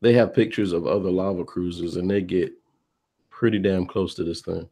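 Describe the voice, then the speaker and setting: A man's voice: low-pitched, fairly even intonation, moderate pace, gravelly, dark tone, husky. A man co-hosting a casual talk show, laid-back and laughing often. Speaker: podcast co-host. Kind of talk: casual chat.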